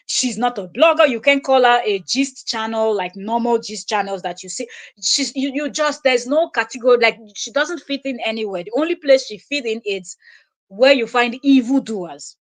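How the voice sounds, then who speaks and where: Woman, live stream host, scornful commentary, a bit high-pitched. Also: normal speed. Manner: scornful, laughs loudly and mocks. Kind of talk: commentary on a played video.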